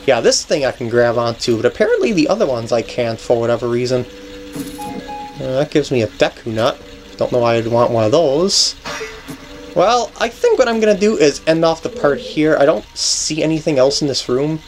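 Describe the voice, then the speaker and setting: A man's voice: mid-range voice, lively intonation, normal speed, faint music behind. A man hosting a let's play, giving casual gameplay commentary as he thinks aloud, often restarting sentences and chuckling.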